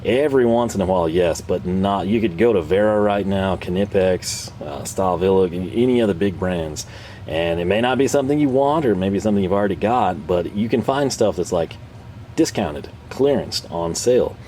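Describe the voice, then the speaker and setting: Man, very deep voice, casual tool review, rambling, chuckling, faint background noise. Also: animated, normal speed, warm tone. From North America. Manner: rambling, self-deprecating, chuckles often. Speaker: tool reviewer and channel host.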